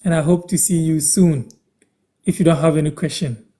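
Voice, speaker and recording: In a relaxed live-streamed language lesson, a Ghanaian man speaks in a fairly high voice that is still dark and mellow. He says every word and phrase twice, slowly, so learners can follow.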